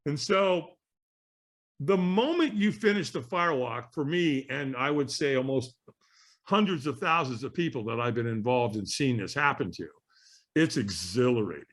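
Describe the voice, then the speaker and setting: A man telling an animated story as a guest on an interview podcast, acting out the voices of people in it. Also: medium pitch, normal speed.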